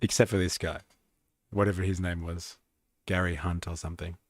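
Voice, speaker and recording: A man's voice: low voice, level tone, moderate pace, no room sound, clean studio sound. A man, hosting a livestream and joking his way through a documentary, swearing casually. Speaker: livestream host reacting to a documentary. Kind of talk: casual reaction commentary.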